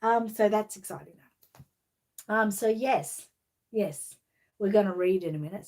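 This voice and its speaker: A woman's voice: medium pitch, moderate pace, vocal fry, long pauses, a little mellow. An Australian woman hosting a live stream, chatting casually with lots of fillers and a sleepy, rambling manner, then reading a children's storybook aloud. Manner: rambling, filler-heavy, drowsy. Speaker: livestream host.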